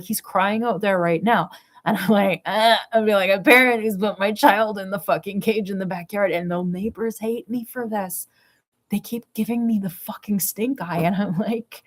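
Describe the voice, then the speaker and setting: A middle-aged woman from Canada venting in a casual, blunt monologue, swearing often and laughing between words. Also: mid-range voice. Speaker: vlogger.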